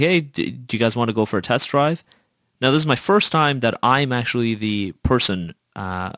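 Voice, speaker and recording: A man's voice: fairly low pitch, a bit bright, no room sound. A young man hosting a podcast, telling a casual, chatty story full of fillers and swearing. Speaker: podcast host.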